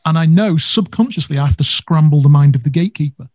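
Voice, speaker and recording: Guy talking sales on a podcast, mellow husky voice, dry close mic. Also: fairly high pitch, quick pace, no room sound. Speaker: podcast co-host. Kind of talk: casual business chat.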